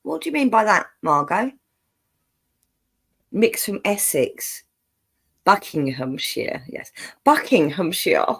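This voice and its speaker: Chatty London-accent woman host, laughs a lot, very lively pitch. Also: slow, long pauses, husky. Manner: chatty, laughs often, plays up a broad common accent. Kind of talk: casual chat, reading viewer comments.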